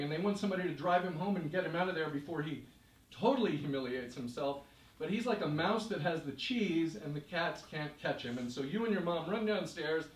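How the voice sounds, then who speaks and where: A man performs a live story, speaking straight to the listener in a vivid, measured way. His voice sits a little high for a man. It reaches the mic from a distance and carries the echo of a big room. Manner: second-person narration, vivid and measured. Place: stage in a hall. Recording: echoey room, voice from far off.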